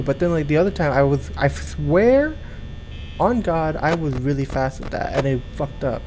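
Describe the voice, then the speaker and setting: Young guy chatting thru his game run, slightly high voice, lots of "like", swears a lot. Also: expressive, normal speed, darkish tone, slight background noise, rough recording. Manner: rambling, filler-heavy, swears freely. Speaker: gaming video creator. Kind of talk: casual gameplay commentary.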